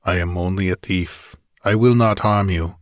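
A man voicing a young, grim barbarian thief in an audiobook, muttering low and gruff. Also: steady tone, moderate pace, no echo, studio quality, natural voice. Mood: subdued.

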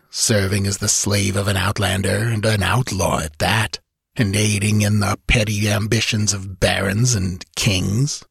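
A man's voice: low voice, slightly rough, dry recording, studio quality, exaggerated voice. A man reading an audiobook, voicing a bitter, hateful enslaved sorcerer who growls his words.

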